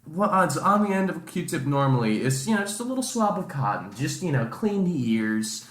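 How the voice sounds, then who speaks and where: Profane, animated man telling stories. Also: fairly high pitch, moderate pace, reverberant. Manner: profane, animated storyteller doing dramatic quotes. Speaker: podcast co-host. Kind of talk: casual chat, storytelling.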